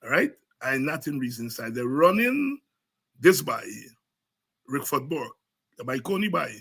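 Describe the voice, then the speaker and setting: A man's voice: mid-range voice, sing-song, a little slow, gravelly, fairly bright tone, slightly rough. A man with a Guyanese Creole accent giving fiery, preaching political commentary as a show host, repeating himself and sliding into Creole.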